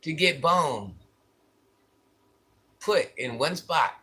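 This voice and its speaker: A man tells a personal story straight to his viewers in a casual, candid vlog. His voice sits a little high, with a bright, tense edge and a husky grain. He repeats phrases to drive his points home. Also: animated, extremely slow. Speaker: vlogger.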